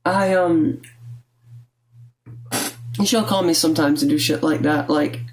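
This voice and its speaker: A young woman talks confessionally to the camera at home, rambling, blunt, and swearing, with a phlegmy rattle in her throat. She speaks slowly in a deep voice, and there's a little hiss or hum.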